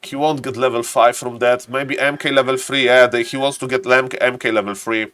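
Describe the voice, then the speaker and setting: A man giving live esports commentary, excitable and playful, bursting into high exclamations and joking asides. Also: a little fast. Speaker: game caster.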